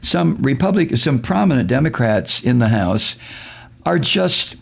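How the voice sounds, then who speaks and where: A man hosting a political talk radio show, sarcastic and profane, with mocking laughs and loud exclamations. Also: mid-range voice, sing-song, unhurried, gravelly, slightly rough.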